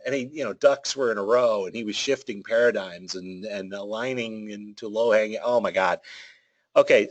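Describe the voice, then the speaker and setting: A man teaching a webinar on policy writing in a sarcastic, ranting way, peppered with "okay?" and "all right?". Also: on the low side. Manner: animated, sarcastic and ranting, with playful jabs. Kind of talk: informal webinar lecture.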